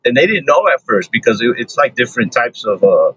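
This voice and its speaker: A man in casual podcast chat, talking in a laid-back, monotone way with lots of fillers. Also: mid-range voice, fairly quick. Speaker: comedian, podcast guest. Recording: dull lo-fi recording.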